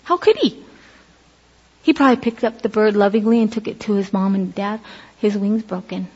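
Middle-aged woman, casual sermon, animated storytelling, breathy tone, muffled recording. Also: mid-range voice, brisk. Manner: animated storytelling, acts out quoted voices. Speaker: preacher. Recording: dull lo-fi audio in a reverberant hall.

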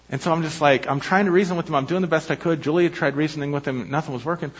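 A man preaching a sermon as pastor, telling a personal story in a conversational way with quick asides. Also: on the high side, breathy edge. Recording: dull lo-fi sermon recording.

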